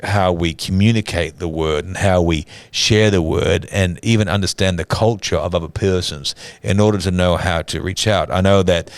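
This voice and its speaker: A man's voice: low voice, moderate pace, few pauses, clear, resonant tone, no echo. A middle-aged man co-hosting a church talk show, telling a story dramatically and acting out the quotes. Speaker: church podcast co-host. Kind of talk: casual storytelling chat.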